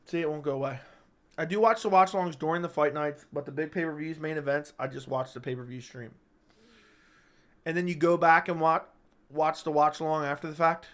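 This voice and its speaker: A man's voice: fairly high pitch, steady tone, a bit bright. Hiccuping man hosting a casual live stream. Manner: reads viewer chat aloud and answers; halting, restarts sentences between hiccups. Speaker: MMA channel host.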